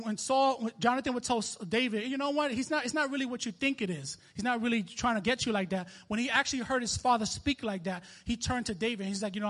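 A man's voice: high-pitched, a bit bright. A man in his twenties with a New York accent, giving a casual, conversational sermon with frequent restarts and laughter. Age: 20s. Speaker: minister.

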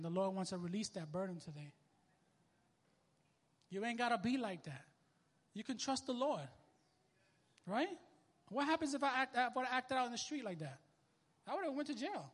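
A young man preaching a sermon as a minister, telling a story in casual, animated street talk. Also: sits high, in a large hall.

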